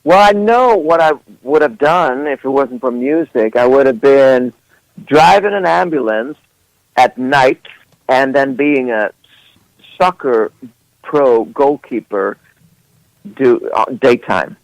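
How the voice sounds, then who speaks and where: A man's voice: medium pitch, lively intonation, slow, no room sound, low-quality recording. Swedish-native man, playful guest. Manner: playful, laughs often, hesitant fillers. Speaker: musician guest. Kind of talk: casual radio interview.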